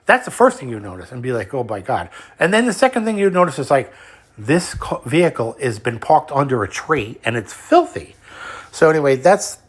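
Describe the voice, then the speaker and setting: A man's voice: fairly high pitch, big pitch swings, a little fast. A man who is losing his voice, retelling a dispute as a fed-up customer, cursing freely and tripping over his words. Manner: heated, curses freely, stumbles and repeats. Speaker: unhappy customer. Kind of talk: casual angry retelling.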